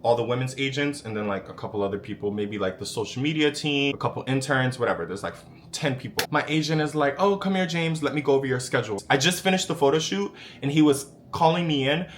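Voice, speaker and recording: A young man telling a story to camera in a sassy, animated, profane way. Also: mid-range voice, fast, a little hiss or hum. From United States. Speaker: vlogger.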